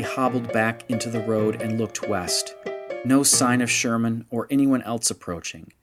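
A man narrating a story in a measured, steady audiobook style. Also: mid-range voice, over music.

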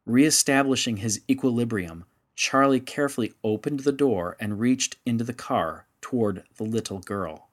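A man narrating a story in a measured, steady audiobook style. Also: medium pitch.

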